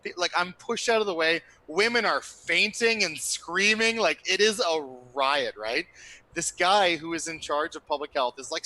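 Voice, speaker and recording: A man spins a wild story in casual conversation, his voice bright and slightly high for a man. He talks in an animated, profane rush, checking in with his listener as he goes. He is heard through a remote call mic. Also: moderate pace, rough recording. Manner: animated, profane, with frequent tag questions. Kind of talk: casual anecdote telling.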